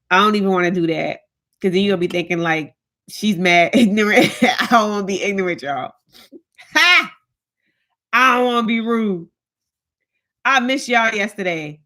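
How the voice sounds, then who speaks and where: A woman's voice: on the high side, bright, forceful tone. A woman in her thirties hosting a casual live stream, chatting with viewers, greeting them by name and laughing often. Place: home, in front of lights.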